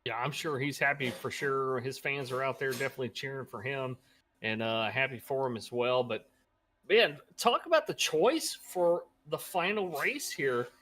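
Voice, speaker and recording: A man's voice: mid-range voice, moderate pace, pushed and bright, a little hiss or hum. A man co-hosting a sim racing broadcast, chatty with mock-sarcastic asides. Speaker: co-host commentator.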